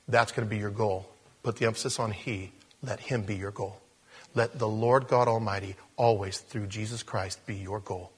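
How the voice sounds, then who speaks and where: A man preaching a sermon, animated, moving between loud emphatic lines and low, slow ones. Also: husky.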